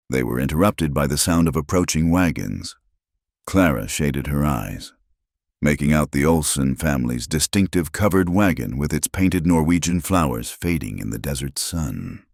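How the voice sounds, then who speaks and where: A man narrating a western story in slow, measured scripted narration. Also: a bass voice, expressive, creaky, darkish tone, no echo, studio quality.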